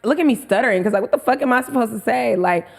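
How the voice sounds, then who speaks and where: A woman's voice: fairly high pitch, quick pace, gravelly. A woman co-hosting a podcast in casual chat, joking around, teasing and swearing. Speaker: podcast co-host.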